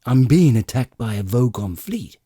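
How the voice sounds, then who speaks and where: Here a man gives an exaggerated, pushed-up character voice in an audiobook, playing a flustered, evasive male alien adventurer who nervously stammers "uh" and pleads in a rush. His medium-pitched voice is sing-song, warm and slightly rough. The studio sound is clean with no echo.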